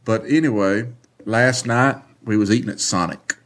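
A man's voice: on the low side, normal speed, fairly bright tone, slight background noise. A man chatting casually, telling folksy stories that trail off at the ends. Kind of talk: casual chat.

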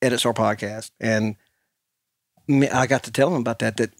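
A man's voice: medium pitch, fairly even intonation, moderate pace, no room sound, clean studio sound. A man hosting a podcast, telling a rambling anecdote in casual chat and laughing often. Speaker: podcast host.

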